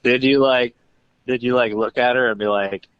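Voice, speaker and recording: A man bantering on a casual show, joking and cutting in with quick questions. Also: medium pitch, steady tone, smooth, no room sound, lo-fi sound.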